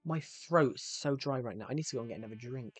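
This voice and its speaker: Speaking fast in a medium pitch, this streamer rambles chattily to his viewers while playing a game live, frequently breaking off mid-sentence. The recording has no echo, with soft music in the background.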